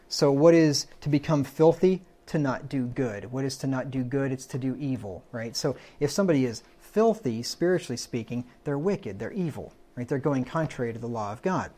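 A man's voice: mid-range voice, lively intonation, normal speed, few pauses, dark tone. A man preaching a conversational Bible-study sermon, often asking his listeners "right?" and reading verses aloud. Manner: conversational, quotes scripture, asks the room "right?".

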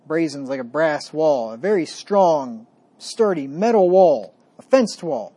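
A man delivers a sermon in a mellow, warm voice. He slows down to read scripture with weight, then speaks conversationally as he explains each verse. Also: a little high, animated. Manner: reads scripture slowly and with emphasis, then explains plainly; conversational preaching. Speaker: pastor.

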